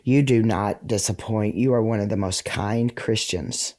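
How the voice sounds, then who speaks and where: Guest, man, mellow timbre, halting and grateful delivery. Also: on the low side. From rural United States. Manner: halting, grateful, many fillers and restarts. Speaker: interview guest. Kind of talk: emotional conversation.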